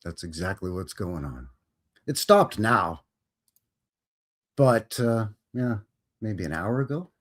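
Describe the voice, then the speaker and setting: A man's voice: on the low side, sing-song, slow, long pauses. A man from Canada hosting a casual live stream, chatting and greeting viewers by name in a folksy way.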